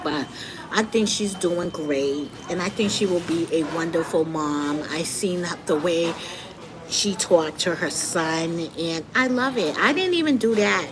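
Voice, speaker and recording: A woman's voice: lowish voice, measured pace. Candid middle-aged woman, noisy stream. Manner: candid, animated, talks straight to viewers. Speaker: livestream host. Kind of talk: casual commentary monologue. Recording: noticeable background noise.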